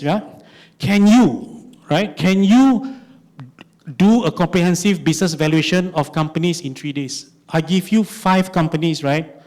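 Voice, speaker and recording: Malaysian guy on stage at a finance conference, fairly high voice, keeps asking "right?", lively storytelling. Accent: Malaysian English. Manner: animated storytelling, lots of rhetorical "right?". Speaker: conference speaker. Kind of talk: conference keynote talk.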